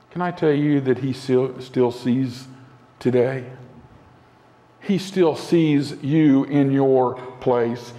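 A male pastor delivering a sermon in an earnest way, slowing down and dropping to a soft voice for emphasis. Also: medium pitch, vocal fry, muffled recording. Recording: long hall reverb.

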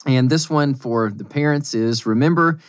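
A man's voice: medium pitch, normal speed, no room sound. Pastor guy chatting on a podcast, earnest, gets emotional, laughs a lot, dry close sound. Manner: earnest, emotional, laughs often, reads aloud with feeling. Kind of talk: casual chat.

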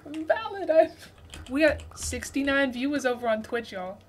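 A livestream host in her twenties speaks in a high-sitting voice at an ordinary speed. She chats her way through a casual gaming stream, reading viewer messages and thrilled to thank each gifter.

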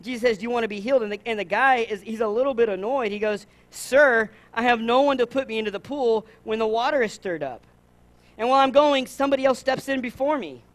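Male pastor, high-pitched voice, animated sermon delivery with rhetorical questions and acted-out quotes. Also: fast talker. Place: church service.

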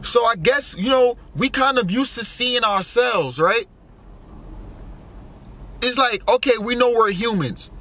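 A man's voice: very high-pitched, lively intonation, a little slow, pauses often, fairly bright tone. A young man rambling through a casual monologue, wondering aloud with lots of fillers and swearing. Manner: musing, full of fillers and profanity, wondering aloud. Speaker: vlogger.

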